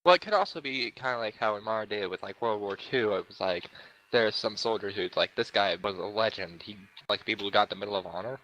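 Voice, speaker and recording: A man with a low but bright, forceful voice chats on a podcast. He chimes in with dry joking asides. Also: fairly quick, muffled recording. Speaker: podcast co-host. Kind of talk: casual chat.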